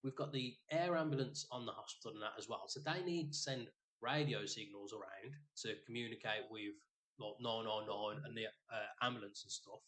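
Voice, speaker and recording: In a voice on the low side and at normal speed, a man co-hosting a podcast launches into a rambling story full of swearing. The chat is casual, and he retells events with animation.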